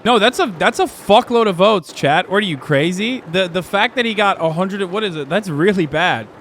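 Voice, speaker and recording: A man streaming live, reacting to news with loud, profane jokes and banter with his chat. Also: high voice, lively intonation, normal speed, slight background noise.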